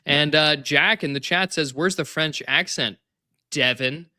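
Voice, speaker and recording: A man's voice: fairly high pitch, unhurried, sharp tone, no echo, clean studio sound. A man co-hosting a sports betting podcast, upbeat and playful, reading out picks. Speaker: co-host of a soccer betting podcast. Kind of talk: casual sports betting chat.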